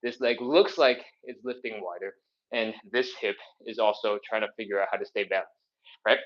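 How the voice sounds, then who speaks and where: A man's voice: fairly low pitch, moderate pace, dull audio. A man leading a live stretching workout, counting reps aloud while he exercises, a bit out of breath. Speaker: fitness instructor. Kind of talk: live mobility workout instruction.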